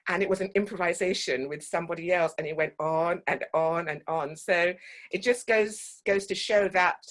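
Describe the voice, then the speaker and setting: A woman's voice: lowish voice, normal speed. A woman from Guyana, an actor giving a talk and telling personal stories with frequent ums.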